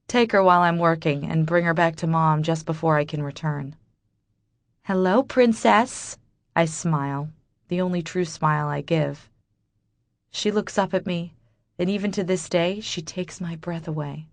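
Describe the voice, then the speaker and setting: Low-voiced woman narrating an audiobook. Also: dry recording. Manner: bitter, wry inner monologue. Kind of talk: first-person audiobook narration.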